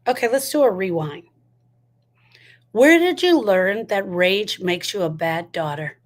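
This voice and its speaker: A woman's voice: mid-range voice, lively intonation, unhurried. A woman giving a motivational talk on grief, emphatic and full of repeated rhetorical questions. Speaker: grief educator.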